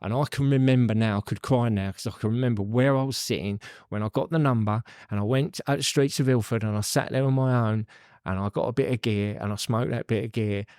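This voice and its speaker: A man's voice: medium pitch, brisk, darkish tone, clean tone, no room sound, clean studio sound. A middle-aged man, a podcast guest telling his recovery story in a rambling, candid way with fillers and swearing.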